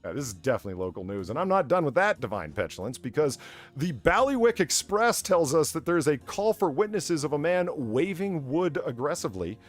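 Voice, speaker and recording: A man's voice: a little high, sing-song, fairly quick, soft background music. A man co-hosting a comedy podcast, reading odd local news in a mock-formal way, stumbling over words and laughing. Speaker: podcast co-host.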